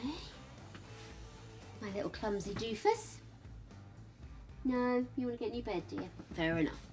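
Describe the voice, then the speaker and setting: A woman's voice: fairly high pitch, unhurried, darkish tone, faint music behind. A British woman streaming gameplay in casual chat, cooing fondly at her dog and laughing often.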